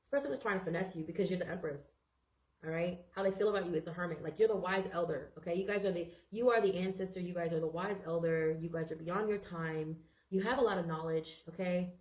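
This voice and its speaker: Woman doing a tarot reading, lowish voice, kinda stuffed up, rambles fast and says okay a lot, echoey room. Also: steady tone, a little mellow. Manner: rambling, repeats phrases, frequent "okay?" and "like". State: congested. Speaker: tarot reader.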